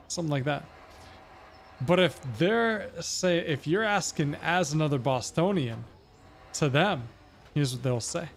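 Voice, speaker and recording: A man's voice: on the high side, animated, measured pace, slight background noise. A man livestreaming a game, rambling and musing as he talks to his chat in casual commentary. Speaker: gaming livestreamer.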